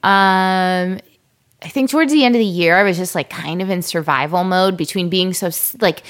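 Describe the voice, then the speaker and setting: A woman's voice: on the low side, normal speed. A woman in her thirties co-hosting a podcast, chatting casually with lots of fillers and telling stories about her little son. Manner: chatty, many fillers, tells stories with playful voices. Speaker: podcast co-host. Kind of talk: casual chat.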